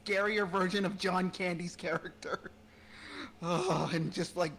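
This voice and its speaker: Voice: mid-range voice, steady tone, a little slow, fairly bright tone, a little hiss or hum. A panelist in casual chat, enthusiastic, laughing often and repeating words.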